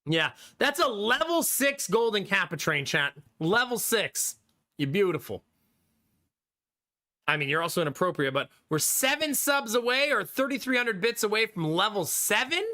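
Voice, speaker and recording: A man's voice: high-pitched, very animated, normal speed, sharp tone. A man from Ohio streaming live, chatting with viewers, joking around and laughing often into a good studio mic. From Ohio, USA. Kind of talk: casual live-stream chat. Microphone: studio condenser mic.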